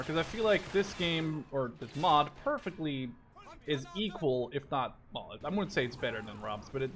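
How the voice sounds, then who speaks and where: A young man in his twenties, from the Netherlands, chatting loosely over his gameplay in a fairly high voice. He rambles, restarts and swears casually. Faint game noise and distant artillery sit behind him. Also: fairly bright tone. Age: 20s. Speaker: gaming YouTuber.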